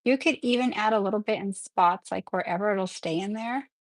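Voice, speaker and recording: A woman hosting a live nail tutorial in a chatty, excitable way, often apologizing as she works. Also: medium pitch, brisk, dry recording. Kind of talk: casual live-stream tutorial.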